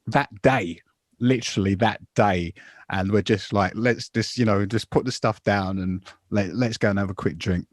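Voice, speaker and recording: Low-voiced man telling a rambling story. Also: dry recording, clean studio sound. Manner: animated, rambling storyteller who says "mate" a lot. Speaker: podcast host. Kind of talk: casual chat, storytelling.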